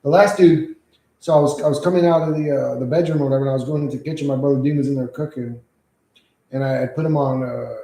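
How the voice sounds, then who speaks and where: Brief: mellow-voiced man, loose and profane livestream chatter, echoey room. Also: medium pitch, steady tone, fast talker. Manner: profane, rambling, reacts to chat. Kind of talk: casual livestream chat.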